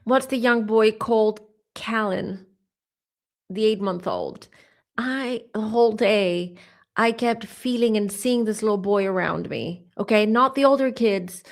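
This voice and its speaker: A woman giving a psychic reading, talking straight to her viewers in a loose, conversational way. She keeps pausing to say she feels emotional, then goes back to what she is receiving. Her speech is full of fillers and side remarks. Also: medium pitch, gravelly. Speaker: tarot reader.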